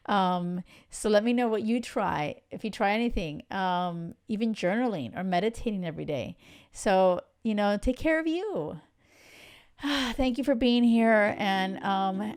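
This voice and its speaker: Woman, podcast host, dating coach, casual solo talk, candid, heartfelt, smooth clear voice. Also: medium pitch, darkish tone. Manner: candid, heartfelt, many "like" and "you know" fillers.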